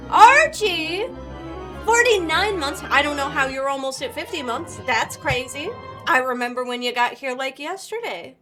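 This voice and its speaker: A woman livestreamer chatting casually and excitably with her viewers, calling out names and swearing freely. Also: high-pitched, normal speed. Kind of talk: casual live-stream chat. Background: faint background music.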